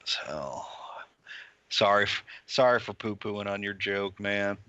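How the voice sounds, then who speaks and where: A man's voice: fairly low pitch, slow pace, bright, forceful tone, clean tone, no echo, dull audio. A man co-hosting a movie podcast, chatting casually and laughing easily. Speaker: podcast co-host. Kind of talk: casual chat.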